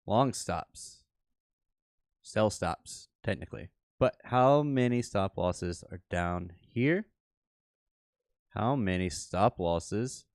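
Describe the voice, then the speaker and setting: A man hosts a livestreamed trading workshop. He thinks aloud at an unhurried pace in a lowish voice, often stopping to correct himself. His voice sounds close and dry, with no room around it. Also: gravelly, dry recording. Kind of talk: livestream chart walkthrough.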